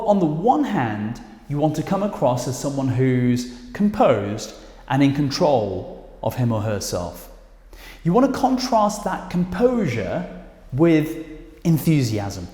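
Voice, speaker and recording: A man with a British accent teaching presentation skills straight to camera, speaking emphatically with lively intonation. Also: on the high side. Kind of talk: direct-to-camera instructional talk. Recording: echoey room with long reverb.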